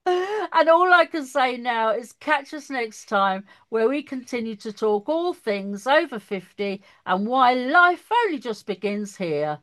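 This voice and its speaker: Chatty woman host, higher voice. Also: slow. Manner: chatty, laughs often, animated. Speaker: podcast host. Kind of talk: casual chat.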